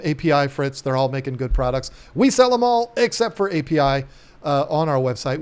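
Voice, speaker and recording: A man's voice: mid-range voice, clear, resonant tone. A middle-aged man hosting a casual live stream, rambling and joking with many ums and restarts. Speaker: live stream host, aquarium shop owner.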